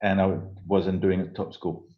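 A middle-aged man from the south of France with a French accent, a guest telling his career story in a relaxed, self-deprecating way. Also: sits low, normal speed. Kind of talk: casual interview. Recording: dull lo-fi sound.

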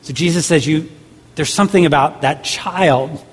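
A man's voice: a little high, normal speed, slightly rough. A man pastor preaching a sermon earnestly, with repeated rhetorical questions. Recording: long hall reverb.

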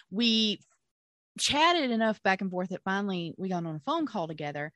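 Speaking fairly quickly in a mid-range voice, this podcast co-host spins a story during relaxed conversation. She's animated and laughs a lot, performing her own lines and those of other people. The recording is clean studio audio without room sound.

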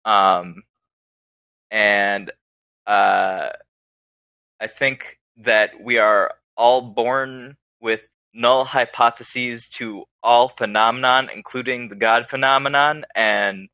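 A man's voice: medium pitch, steady tone, takes it slowly, bright, forceful tone, no echo. A man calling in as a guest, explaining his views in a rambling, thoughtful way with many hesitations. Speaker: guest caller.

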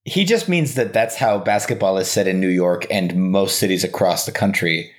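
Low voiced guy on a podcast, teasing, joking around. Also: normal speed. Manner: playful, teasing. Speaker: podcast guest. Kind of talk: casual chat.

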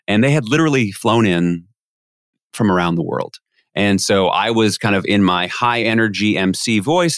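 Man, podcast guest, storytelling, animated, low voice, dry sound. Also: dry recording. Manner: animated, acts out quoted voices. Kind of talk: conversational storytelling.

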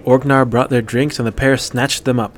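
A man narrating a fantasy story in a steady, even reading voice. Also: medium pitch, moderate pace, a little hiss or hum.

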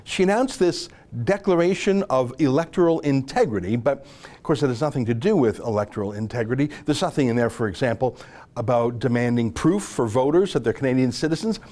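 A man's voice: medium pitch, animated, fairly quick, warm tone. A man hosting a political commentary segment, speaking in a sarcastic, mocking way. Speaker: commentary show host.

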